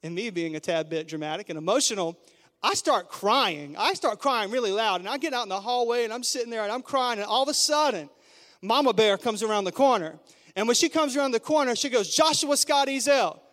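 Male pastor in his thirties; animated, joking sermon delivery, high pitch, big reverberant sanctuary. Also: a little fast. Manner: animated, playful, conversational with the crowd. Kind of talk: humorous storytelling sermon. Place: church sanctuary. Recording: long church hall reverb.

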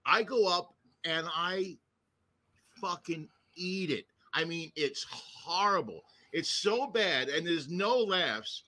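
A man co-hosting a comedy podcast, telling animated, profane anecdotes with voices. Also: high voice, slow pace. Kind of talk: casual chat, storytelling.

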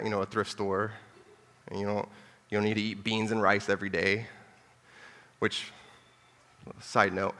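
A man's voice: lowish voice, pushed and bright, in a large hall. A man preaching a sermon in a conversational way, with joking asides and lines repeated for emphasis.

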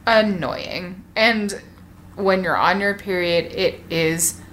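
A woman in her thirties chatting casually, playful and quick to laugh. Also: on the low side, fairly bright tone, a little hiss or hum. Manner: giggly, playful, laughs often. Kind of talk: casual chat.

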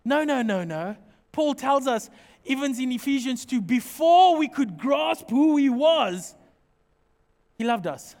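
A man preaching a sermon as pastor, animated and jokey, acting out small everyday scenes as he talks. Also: extremely high pitch, measured pace, long reverb tail.

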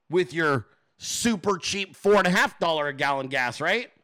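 A man with a slightly high, pushed, bright voice speaks at a moderate pace, sounding animated. He hosts a political livestream, ranting in profane, sarcastic fashion and pelting viewers with mocking rhetorical questions.

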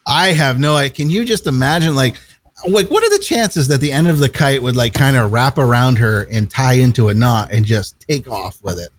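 A man's voice: mid-range voice, expressive, a little fast, no room sound. A man co-hosting a casual chat show, talking in an easygoing, rambling way and laughing often. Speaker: co-host.

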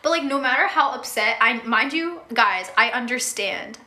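Young woman, podcast co-host, casual animated chat, high bright voice, echoey room. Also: normal speed. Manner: animated, chatty, laughs often.

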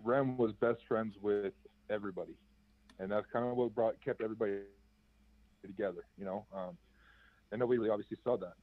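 A man's voice: fairly low pitch, steady tone, a little fast, long pauses, dry recording. Young man on a tinny phone line. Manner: laid-back, chatty storytelling with many fillers. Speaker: former college basketball player, guest. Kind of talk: casual interview answers.

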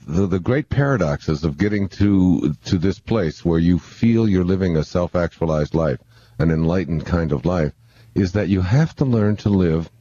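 A man's voice: deep voice, mellow, breathy edge, no echo, muffled recording. A man explaining spiritual ideas in a reflective conversational way, stumbling and repeating words as he thinks aloud into a handheld microphone. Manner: halting, many restarts and repeated words. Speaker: guest speaker on spiritual living.

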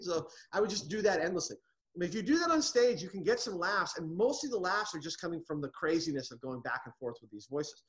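A middle-aged man from the United States, a comedy writer and interview guest, who tells stories in an animated way with frequent restarts. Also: high-pitched, fairly quick. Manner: animated storyteller, restarts often. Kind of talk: casual interview.

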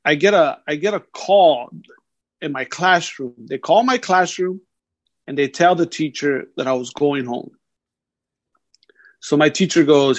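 A young man telling a story on a casual podcast, animated and slangy, always saying "bro". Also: on the high side, measured pace, pauses often. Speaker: podcast guest. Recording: dull lo-fi sound.

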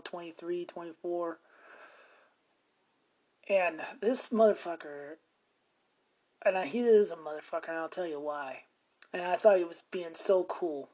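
A middle-aged man hosting a podcast, telling stories in a rambling, profane way and chuckling often. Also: high-pitched. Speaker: podcast host. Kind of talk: casual storytelling monologue.

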